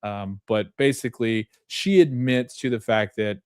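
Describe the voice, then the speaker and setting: A man's voice: lowish voice, unhurried, smooth, no echo, studio quality. A man hosting a podcast, casually recapping a TV episode and retelling its scenes with quoted dialogue and loose fillers. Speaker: podcast host.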